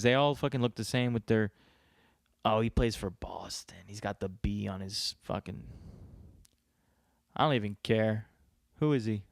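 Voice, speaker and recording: A man's voice: lowish voice, dry recording, studio quality. A man from New York hosting a podcast, talking in a rambling, profane, joking casual monologue. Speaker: podcast host.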